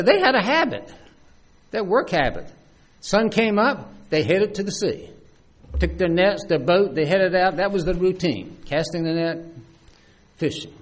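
Male preacher, husky and animated, conversational sermon style with restarts. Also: sits high. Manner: lively, conversational preaching with many restarts and asides.

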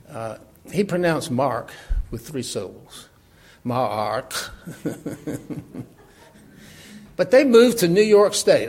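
A middle-aged man preaching in a relaxed, conversational way, laughing often and asking rhetorical questions. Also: mid-range voice, husky. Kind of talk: sermon.

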